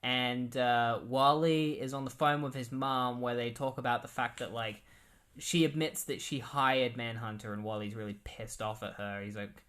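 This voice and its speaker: A man's voice: mid-range voice, steady tone, moderate pace, fairly bright tone. A man giving a casual, rambling recap of comic books, full of "like" and "um". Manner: rambling, filler-heavy. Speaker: comic book reviewer.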